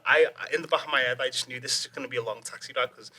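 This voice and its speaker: A young man tells a story in loose, rambling casual chat, swearing freely and laughing often. His voice is bright and forward and sits at a middle pitch. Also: fairly even intonation, very fast, slightly rough. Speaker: guest, MMA fighter.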